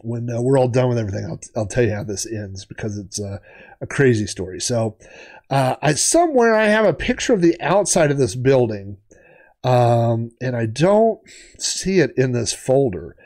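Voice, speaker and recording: A man's voice: medium pitch, animated, moderate pace, darkish tone. Rambling, chatty man telling stories. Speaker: retro gaming channel host. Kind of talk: casual storytelling vlog.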